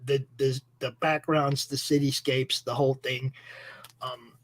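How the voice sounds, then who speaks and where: A man's voice: mid-range voice, little pitch movement, moderate pace, rough recording. A man hosting a casual chat, enthusiastic and rambling, with many fillers and restarts. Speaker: host. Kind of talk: casual chat about comic books.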